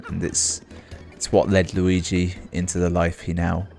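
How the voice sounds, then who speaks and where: A man's voice: deep voice, monotone, measured pace, gravelly, darkish tone, faint music behind. A man giving casual let's play commentary in a dry, self-mocking, rambling way.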